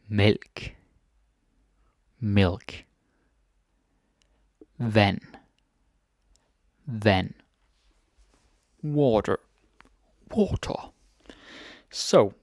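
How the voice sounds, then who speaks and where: Slow, gravelly male teacher. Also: lowish voice, no echo, studio quality. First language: Danish. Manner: relaxed, repeats words, asks "right?" often. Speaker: language teacher. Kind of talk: casual language lesson.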